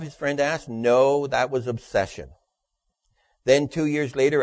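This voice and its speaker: A man delivering a sermon at a middle pitch. He tells jokes in a dry storytelling way and lets his voice sink low and quiet for each punchline. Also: dry recording. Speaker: pastor.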